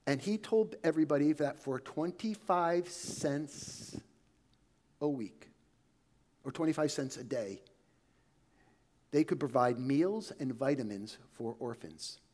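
A man preaching a sermon, telling a story in a conversational way that often sinks to a soft hush. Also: fairly high pitch, slow, pauses often.

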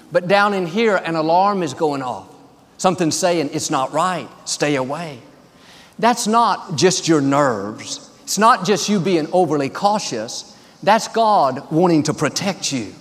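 Man preaching in a big reverberant church. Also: a little high. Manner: upbeat, repetitive preaching cadence. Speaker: pastor. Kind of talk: sermon. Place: large church. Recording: long hall reverb.

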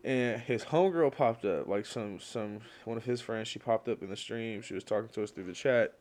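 A young man hosting a casual solo podcast, telling rambling stories full of slang and fillers, and getting loud and worked up when he rants. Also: lowish voice, normal speed. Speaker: podcast host.

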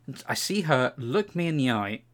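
A young man with a mid-pitched voice telling a story on a casual podcast. He rants with exasperation and swears a lot as he recounts annoyances. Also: sing-song, moderate pace. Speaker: podcast co-host. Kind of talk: casual chat.

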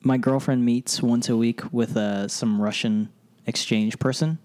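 A man's voice: medium pitch, steady tone, a little slow, a little mellow. A man co-hosting a podcast, telling an anecdote in a laid-back, chatty way with filler words. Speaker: podcast co-host. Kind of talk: casual chat.

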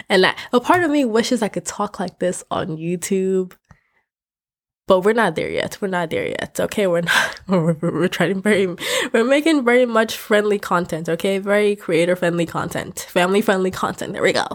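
A woman's voice: fairly low pitch, normal speed. Young woman ranting to her camera. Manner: rambling, self-correcting, laughs often; expressive, rising to emphatic outbursts. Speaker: vlogger. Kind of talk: casual talking-to-camera rant.

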